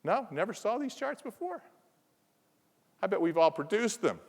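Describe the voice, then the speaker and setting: A man's voice: high voice, sing-song, normal speed, a little mellow. A man from the American South giving a playful conference presentation, teasing the audience. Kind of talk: keynote talk. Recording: reverberant conference hall.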